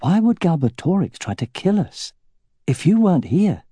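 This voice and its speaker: A man's voice: sits high, very animated, normal speed, mellow, slightly rough, dry recording, pitched above the performer's own voice, heavily acted. A man voicing an anxious young male dragon rider who speaks in urgent questions. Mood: troubled.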